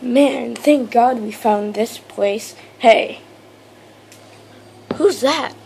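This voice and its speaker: Casting note: young woman with a slightly high, gravelly voice and an unhurried delivery, rambling and slangy across several roles. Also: mellow, a little hiss or hum. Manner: casual, rambling, slangy with fillers. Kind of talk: homemade voice acting of several characters.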